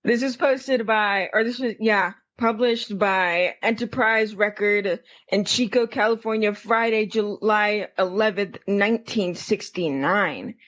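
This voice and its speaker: Slow-reading giggly woman on a call. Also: mid-range voice, fairly bright tone, lo-fi sound. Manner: giggly, stumbles over words while reading. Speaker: podcast co-host. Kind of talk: casual chat, reading old newspaper clippings aloud. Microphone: computer mic on a voice call.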